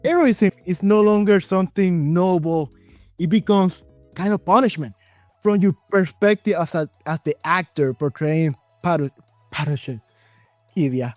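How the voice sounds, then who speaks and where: A man's voice: high voice, dry recording. A man with a Spanish accent hosting an interview, enthusiastic and stumbling over names. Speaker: interview host.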